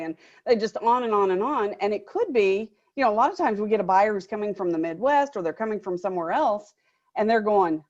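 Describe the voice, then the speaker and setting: A woman, a new home sales trainer, chatting in an animated, storytelling way. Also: mid-range voice, a little fast. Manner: chatty, animated storyteller who acts out customers. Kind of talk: conversational sales coaching talk. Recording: slightly dull, muffled audio.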